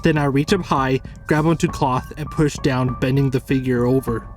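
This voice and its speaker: A man reading a first-person horror story as scripted narration, measured and tense. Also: mid-range voice, steady tone, over loud music.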